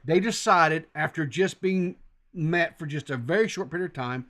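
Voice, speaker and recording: A man's voice: fairly high pitch, moderate pace, fairly bright tone. A man hosting a casual podcast, recapping a story in a loose, meandering way. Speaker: podcast host.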